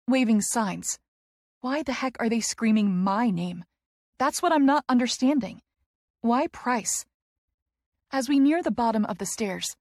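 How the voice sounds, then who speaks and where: A woman's voice: medium pitch, darkish tone, no room sound, studio quality. Woman narrating an emotional audiobook. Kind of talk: first-person audiobook narration.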